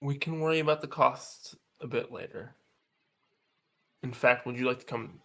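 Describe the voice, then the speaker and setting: A man playing a tabletop game, speaking in a calm, matter-of-fact way. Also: medium pitch, moderate pace, gravelly. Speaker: player. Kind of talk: tabletop role-play.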